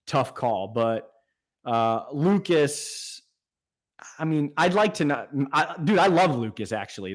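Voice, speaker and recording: A man hosting a casual live stream, reading out viewer comments and answering them enthusiastically off the cuff. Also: fairly high pitch. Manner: enthusiastic, talks off the cuff with fillers and restarts. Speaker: aquarium channel host.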